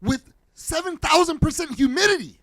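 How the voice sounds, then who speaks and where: A man's voice: very high voice, normal speed, dry recording. A man, joking and mocking in a casual reaction chat as co-host. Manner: animated, mocking, bursts into shouting. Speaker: podcast co-host reacting to videos.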